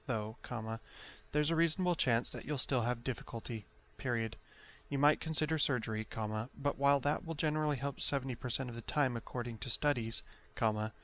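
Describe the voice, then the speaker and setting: A man's voice: medium pitch, fairly bright tone. Man dictating, saying punctuation aloud. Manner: measured, careful, reads out punctuation marks. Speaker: writer dictating an article.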